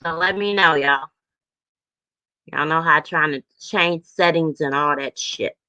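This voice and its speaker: Forties female streamer, slow and blunt, bright voice, dry lo-fi mic. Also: sits low, dry recording. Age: 40s. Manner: blunt, profane, drawling. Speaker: livestream host. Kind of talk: casual live-stream chat. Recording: dry, slightly dull lo-fi stream audio.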